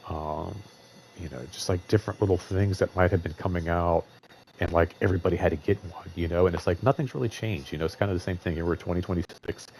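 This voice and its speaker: A man's voice: deep voice, fairly even intonation, quick pace, vocal fry, darkish tone, slight background noise, poor audio. A man in his thirties hosting his own show, telling work stories in a rambling, profane monologue full of fillers. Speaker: show host.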